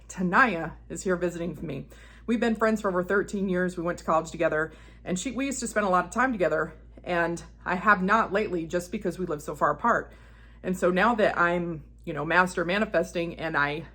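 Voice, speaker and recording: A woman's voice: mid-range voice, a bit bright. A woman manifestation coach talking in a casual monologue, blunt and profane, telling stories with acted-out quotes.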